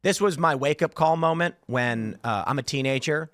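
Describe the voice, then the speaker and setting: A man in his thirties hosting a casual political talk show, telling stories in an animated way and mimicking the voices of other people. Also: on the high side, normal speed, no echo, clean studio sound. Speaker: podcast host.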